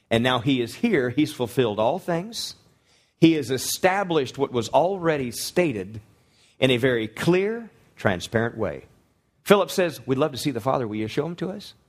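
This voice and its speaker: A middle-aged man delivers a sermon in a lively, conversational way, with a voice that rises and falls across a wide range. He peppers his preaching with rhetorical questions and light humor. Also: medium pitch. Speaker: guest preacher, missionary.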